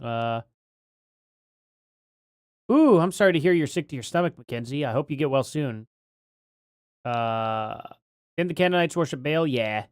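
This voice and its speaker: Male streamer at his desk mic, chatty and wandering, dry close sound, middle pitch. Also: lively intonation, measured pace, pauses often, clean tone, no room sound. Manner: rambling, muses aloud and reads out chat names. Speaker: live-stream host. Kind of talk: casual live-stream chat.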